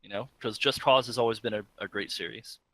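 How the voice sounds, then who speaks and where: A man co-hosting a casual gaming podcast, telling stories with animated reenactments of crowd reactions. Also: fairly low pitch, a little fast, dry recording. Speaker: podcast co-host.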